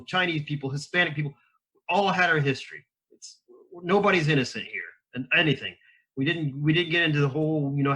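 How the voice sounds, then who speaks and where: A man as a podcast guest, talking casually, joking and acting out little scenes. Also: a little high. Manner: animated, jokey, acts out little scenes. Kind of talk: casual chat.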